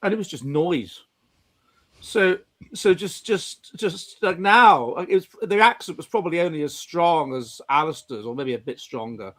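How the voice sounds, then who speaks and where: Rambling man, fairly high voice. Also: animated, moderate pace, a bit bright. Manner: rambling, stumbling restarts. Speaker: podcast host. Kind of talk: casual panel chat. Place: home studio on video stream.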